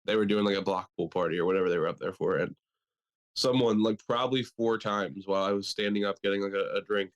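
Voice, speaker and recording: Profane, animated young man. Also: on the low side, fast talker, highs cut off. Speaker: podcast co-host. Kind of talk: casual chat.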